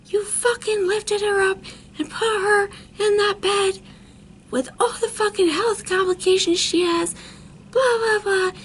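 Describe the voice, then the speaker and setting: A woman voicing her furious father, yelling in a high, tearful, strained shout. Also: fairly even intonation, measured pace, slight background noise, poor audio. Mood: enraged. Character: furious screaming father, protective of adult daughter.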